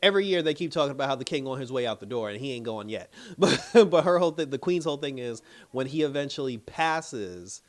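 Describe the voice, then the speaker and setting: A man's voice: mid-range voice, lively intonation, fast talker. Chatty man recapping a TV episode. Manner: chatty, laughs often, acts out characters' lines. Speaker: TV episode reviewer. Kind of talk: casual recap chat.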